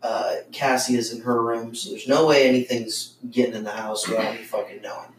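A man's voice: mid-range voice, flat delivery, brisk. Guy rambling thru a ghost story, swears a ton, far off mic in an echoey room. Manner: rambling, swears a lot, many fillers. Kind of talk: casual spoken storytelling. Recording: roomy, distant mic with faint noise.

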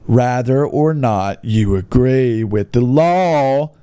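A young online video host reads classified ads aloud with casual comedic commentary, sarcastic and incredulous. His medium-pitched voice is slow, dark, clear, and resonant, recorded with no echo.

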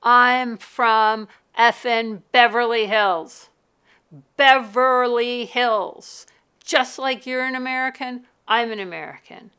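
A woman's voice: medium pitch, animated, moderate pace, bright, forceful tone. A woman doing a fiery young student guy. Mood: indignant. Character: young American male film student, proud and fiery.

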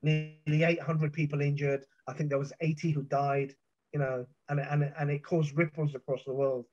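A man's voice: a little high, level tone, moderate pace, a little mellow, faint music behind. A middle-aged man from the United Kingdom, a podcast guest, intensely retelling a personal ordeal with vivid detail, restarts and swearing. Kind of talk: emotional first-person storytelling. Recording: muffled, dull podcast audio.

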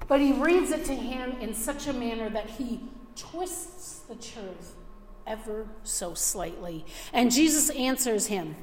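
A woman's voice: fairly high pitch, animated, slow pace, darkish tone, slight background noise. A woman preaching a sermon earnestly, with frequent restarts, acting out the voices she quotes. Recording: very echoey hall, faint room ambience.

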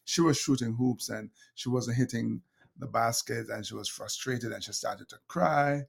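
A man's voice: medium pitch, moderate pace, vocal fry, breathy edge. A middle-aged man with a Jamaican accent, a guest telling anecdotes with frequent laughs, fillers and restarts. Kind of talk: storytelling conversation.

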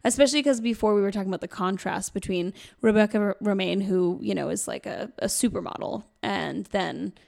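A young woman from Boston talks through a film with her co-host in easy, joking podcast banter. Her voice carries a gravelly fry at the ends of phrases and sits at a middle pitch. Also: darkish tone. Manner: chatty, jokey, quick laughs. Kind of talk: casual chat about a film.

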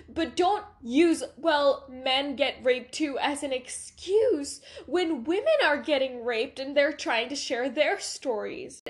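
Young woman host, high voice, tearful and earnest solo episode. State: crying. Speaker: podcast host. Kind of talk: emotional monologue.

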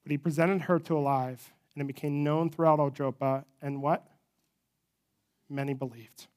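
This sermon comes from a pastor with a mid-pitched voice who tells it like a relaxed conversation, walking through a passage of scripture and breaking off for asides about his own life.

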